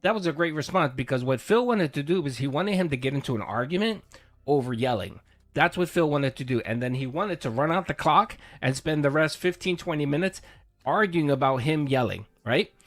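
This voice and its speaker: Brief: male streamer, lively rising-and-falling delivery, casual reaction commentary. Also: a little high, normal speed. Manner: animated, swears, laughs. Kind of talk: casual commentary over a clip.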